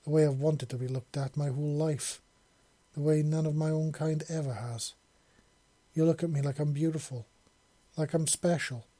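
A man voicing a playful, affectionate young human man in an audiobook, making quick, warm-hearted confessions. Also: on the high side, steady tone, close to an everyday voice. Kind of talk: audiobook character voice.

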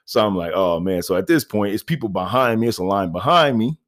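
Talking fairly quickly in a lowish, slightly bright voice, this animated man relays a personal story in a relaxed, slang-heavy way. Frequent laughter and "you know what I mean" punctuate his telling.

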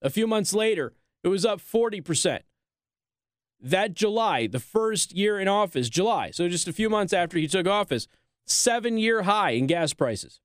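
A man hosting a talk show, delivering a sarcastic, animated political commentary monologue. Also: high-pitched, normal speed, no echo, studio quality.

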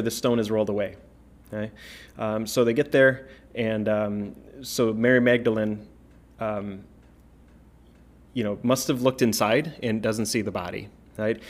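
Speaking at a fairly low pitch, a male pastor recounts a Bible story in a relaxed, chatty way, pausing on fillers and frequently adding "right?" to check in.

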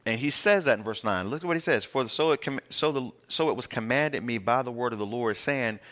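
A man's voice: mid-range voice, brisk, fairly bright tone. A male pastor, teaching a verse-by-verse Bible sermon in a conversational, emphatic way and using plain everyday words.

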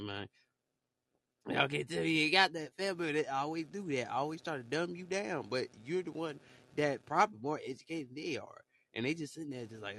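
A man's voice: fairly high pitch, expressive, brisk, pushed and bright, no echo. A man ranting in a casual, profane monologue, repeating words and shifting his voice a lot as he goes. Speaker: podcaster. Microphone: solo voice message.

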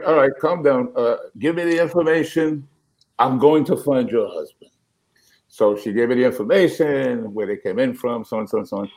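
Middle-aged male comedian guest, lively storyteller with a swinging, expressive pitch. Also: rough recording. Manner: animated, acts out quotes. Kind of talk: storytelling anecdote.

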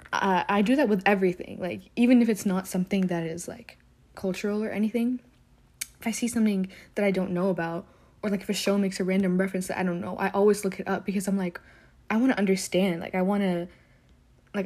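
A woman's voice: medium pitch, a little mellow. Young woman ranting with frequent fillers. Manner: frustrated, rambling with many fillers. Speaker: commentator. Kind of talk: casual monologue.

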